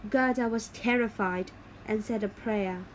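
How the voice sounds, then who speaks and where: A woman reads a graded-reader fairy tale aloud. Her voice is high and she speaks slowly and carefully. Each word comes out clear. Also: a little hiss or hum, rough recording. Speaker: narrator. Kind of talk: graded-reader story narration.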